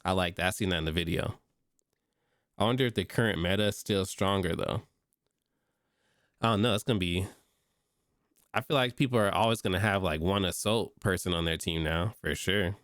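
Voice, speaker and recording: Stuffy male streamer with a deep, dry close-mic voice; reads text, then reacts in slang. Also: normal speed, pauses often, fairly bright tone, dry recording. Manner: reads notes aloud, breaks off into slangy reactions. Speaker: streamer reading and reacting to game patch notes. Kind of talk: casual livestream commentary.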